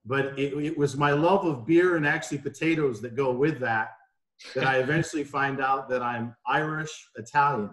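A man's voice: mid-range voice, normal speed, fairly bright tone. Guest, man, 40s, from New York; easygoing anecdotal storyteller, echoey home room. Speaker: podcast guest. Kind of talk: casual interview chat.

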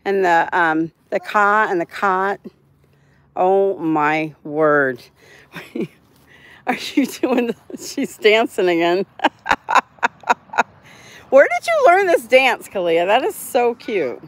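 A woman hosts a relaxed live stream from her Florida home. She talks chattily and laughs easily as she answers viewers, her pitch rising and falling a lot. The sound is close and dry, with no room echo. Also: takes it slowly, pauses often. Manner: chatty and laughing, reads out chat. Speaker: livestream host. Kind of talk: casual chat with live viewers.

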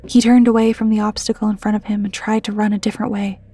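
A woman reading a scripted horror story in a hushed voice that keeps slipping into whispers. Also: mid-range voice, little pitch movement, fast talker, husky. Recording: dry close mic with soft music underneath.

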